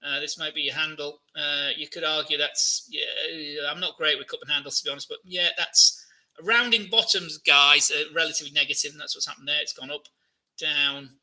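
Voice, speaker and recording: A man's voice: a little high, fairly even intonation, a little fast, bright, forceful tone, low-quality recording. A man hosting a live trading Q&A, talking through charts in a chatty way, full of fillers and questions to his viewers. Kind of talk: live-stream market commentary.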